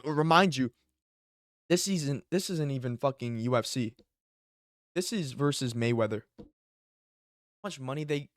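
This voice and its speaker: A man giving casual reaction commentary on fights, excitable and profane, often bursting into exclamations. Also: a little high, dry recording, clean studio sound. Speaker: MMA commentary YouTuber.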